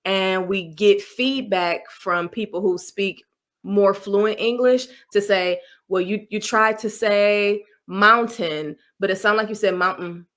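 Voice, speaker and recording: A woman guest on a podcast, talking in an animated, expressive way about speaking and laughing easily. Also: medium pitch, measured pace. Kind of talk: casual interview.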